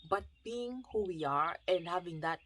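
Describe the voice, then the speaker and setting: A woman with a Kenyan accent, telling an animated, emotional personal testimony and acting out the dialogue. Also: fairly low pitch, moderate pace, slight background noise. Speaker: storyteller.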